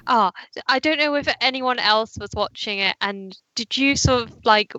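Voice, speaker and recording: A woman's voice: fairly high pitch, moderate pace, bright, forceful tone, dry recording, muffled recording. A woman co-hosting a casual film review podcast, chatty and laughing often.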